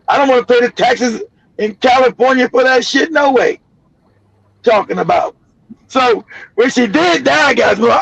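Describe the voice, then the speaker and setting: A man in his fifties from Los Angeles telling a loud, profane story on a livestream, laughing often. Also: very high-pitched, gravelly, dry recording, poor audio. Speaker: livestream host.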